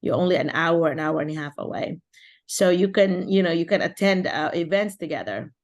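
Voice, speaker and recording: A middle-aged woman from the Philippines with a fairly low voice leads a casual online session over a video call. She talks in a loose, rambling way, often restarting sentences and leaning on fillers. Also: lively intonation, a little fast. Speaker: host of an online teacher support session.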